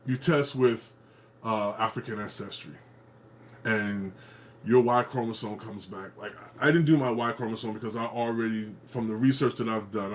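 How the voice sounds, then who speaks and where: Animated middle-aged man explaining genealogy. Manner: animated, repeats and restarts phrases, swings pitch for emphasis. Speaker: genealogy video host. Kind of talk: casual explanatory talk to camera.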